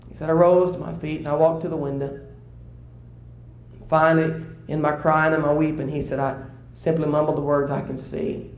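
A male preacher delivering a sermon during a church service. He tells a story and rises to excited, high-pitched exclamations. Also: fairly quick, reverberant, lo-fi sound.

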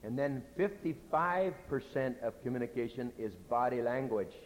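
A middle-aged pastor preaching in a church, earnest and conversational, going soft and low when he tells of his own mistakes. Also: expressive, normal speed. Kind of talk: sermon. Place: church sanctuary. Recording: echoey hall with faint rumble.

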